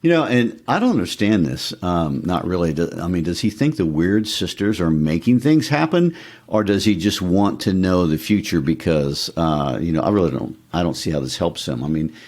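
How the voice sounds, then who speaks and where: A man's voice: deep voice, lively intonation, darkish tone. A man co-hosting a podcast, discussing a play in a casual, conversational way with frequent fillers. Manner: conversational, many fillers, reads recipe lists slowly. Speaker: podcast co-host.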